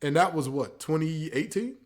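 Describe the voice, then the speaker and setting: Speaking at a normal speed in a slightly high voice, a man hosts a casual sports talk podcast. He launches into animated, preachy rants peppered with mock quotes.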